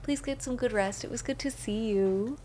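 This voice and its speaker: A bubbly woman streaming a game, chatting with her viewers and laughing easily. Her voice sits a bit higher than most. She reads messages aloud between moments of play. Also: normal speed, a little mellow, slight background noise. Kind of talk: casual live-stream chat while gaming.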